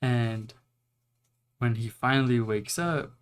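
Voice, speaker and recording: Young man, casual recap, unhurried delivery, profane, rambling. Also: medium pitch, smooth. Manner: rambling, profane, acts out the characters' lines. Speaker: anime reviewer.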